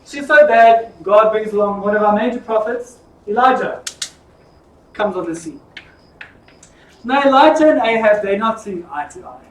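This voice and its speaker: A man teaching an informal Bible study, telling the stories in a lively, jokey way. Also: sits high, moderate pace, pauses often, slight background noise. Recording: echoey room from far off.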